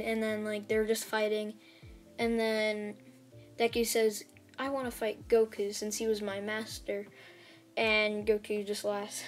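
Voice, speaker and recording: A woman's voice: medium pitch, little pitch movement, unhurried, faint music behind. A woman casually retelling a fan story, rambling and hesitant, with many restarts and "like"s.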